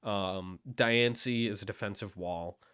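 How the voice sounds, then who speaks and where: A man's voice: lowish voice, unhurried, fairly bright tone, smooth, no room sound. A man hosting a casual discussion, talking in a hesitant way with many ums. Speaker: host.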